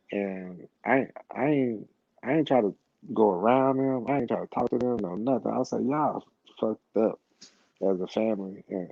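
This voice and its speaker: In a gravelly, lowish voice, a middle-aged man rambles through a long, casual story, swearing and repeating words and restarting often. There is no echo, but the sound is slightly dull and lo-fi.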